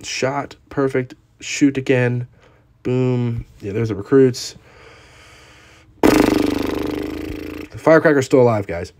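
A young man giving live commentary over his own gameplay, excitable, swinging from quiet muttering to loud outbursts at the game. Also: mid-range voice, slow, pauses often, a little hiss or hum. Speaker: gaming YouTuber.

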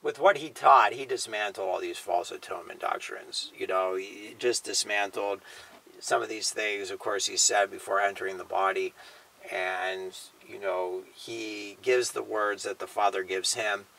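A man teaching the Bible in a casual sermon style, often tagging his points with a quiet "okay?" or "you know". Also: on the low side, steady tone, a little slow, creaky, rough recording. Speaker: preacher.

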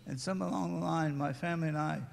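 Gravelly older man in a church hall. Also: on the high side, fairly even intonation, quick pace, slight background noise. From West Virginia. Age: 70s. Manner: homespun, humorous storytelling. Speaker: missionary. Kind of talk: folksy testimony at a church service. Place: church sanctuary.

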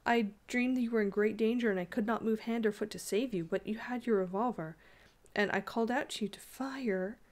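A woman voicing a devoted young Breton wife in a ghost story read aloud, speaking softly and earnestly. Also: a little high, a little fast, close to an everyday voice. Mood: hushed.

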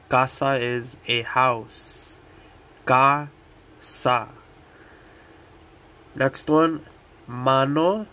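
A man teaching Spanish words at a board, repeating each one slowly and deliberately. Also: mid-range voice, bright, forceful tone. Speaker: Spanish tutor.

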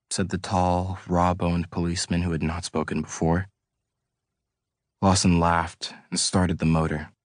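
A man narrating an audiobook in a measured, steady reading. His voice is deep and low, recorded close and dry with no room sound. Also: no echo.

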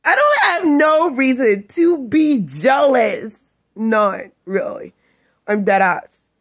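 A woman vlogger in an angry, rambling rant, swearing constantly and often breaking into shouts. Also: high voice, very animated, takes it slowly. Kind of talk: ranting vlog monologue.

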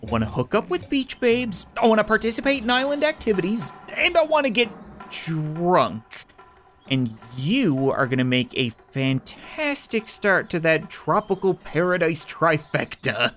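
A man's voice: high voice, big pitch swings, unhurried, fairly bright tone, a little hiss or hum. A man giving crude, joking commentary while playing video games. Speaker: gaming YouTuber. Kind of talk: comedic gameplay commentary.

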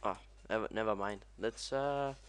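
A young man commentating as he plays a video game, excitable and swearing often. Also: lowish voice, normal speed, smooth. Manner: excitable, swears a lot, yelps at crashes. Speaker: gaming commentator. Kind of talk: let's play commentary.

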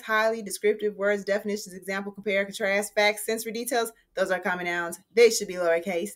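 A woman's voice: a little high, fairly bright tone. Woman teacher explaining an essay lesson. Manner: friendly, conversational, explaining step by step. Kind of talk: recorded writing lesson.

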